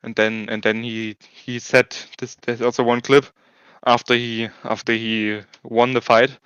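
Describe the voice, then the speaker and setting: A man chatting casually while playing a racing game, halting and restarting, laughing often. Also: mid-range voice, flat delivery, fairly bright tone, clean tone, no echo, highs cut off. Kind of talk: casual chat while gaming.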